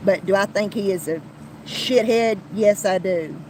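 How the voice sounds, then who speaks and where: A woman's voice: medium pitch, measured pace, darkish tone, a little hiss or hum, low-quality recording. A woman hosting a podcast, talking in a blunt, heated way with frequent restarts and some swearing. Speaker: podcast host. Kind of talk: casual commentary podcast.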